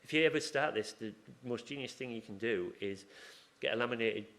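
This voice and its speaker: A man's voice: medium pitch, a little fast, a bit bright. Chatty man telling hospital anecdotes. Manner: chatty, anecdotal, acts out ward conversations. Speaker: acupuncturist in a hospital surgery team. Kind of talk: conference talk with questions from the floor.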